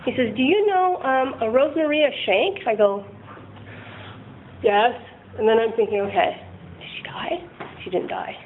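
A woman's voice: a little high, lively intonation, normal speed, long pauses. A woman candidly sharing a rambling, self-deprecating personal recovery story, laughing often. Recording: tinny phone-like line with faint noise.

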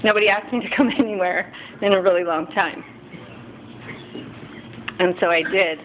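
A woman speaking at a recovery meeting, telling her own story in a candid, self-mocking way, with halting restarts and fillers. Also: medium pitch. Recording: phone-like thin sound with faint room noise.

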